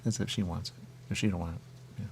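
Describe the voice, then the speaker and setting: Low gravelly man musing aloud. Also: fairly even intonation, fast talker, slight background noise. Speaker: radio show host. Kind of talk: casual chat.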